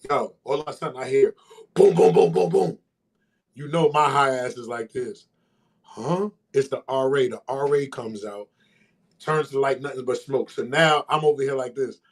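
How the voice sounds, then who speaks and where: This podcast co-host, a man, recounts a story casually at a moderate pace. His delivery is animated, and he voices the people involved with big jumps in pitch.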